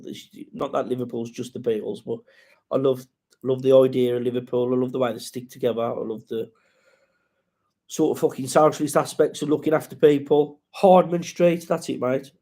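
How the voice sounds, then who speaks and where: A man's voice: medium pitch, darkish tone. A man hosting a casual live-stream chat, rambling and sweary as he greets viewers and reads out their comments.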